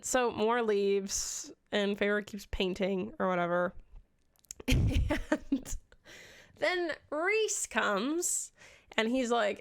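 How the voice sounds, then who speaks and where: This young woman's medium-pitched voice is gravelly yet smooth as she sarcastically recaps a book, swearing frequently. She plays out the characters' lines on her own in a casual, chatty review.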